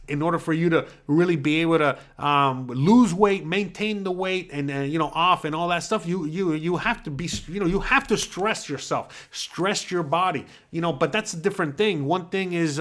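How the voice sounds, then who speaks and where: Middle-aged man, slightly high voice, rambling, swears a lot, filler-heavy casual talk. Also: a bit bright. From East Coast of the USA. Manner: rambling, profane, lots of "you know" fillers. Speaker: podcast host. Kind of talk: casual solo chat answering a live chat.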